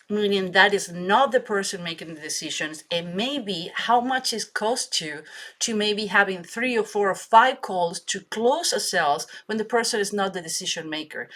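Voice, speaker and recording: Animated woman expert talking fast and emphatic, crisp bright voice. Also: mid-range voice. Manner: emphatic, animated, non-native grammar. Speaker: guest, body language expert. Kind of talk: interview answers.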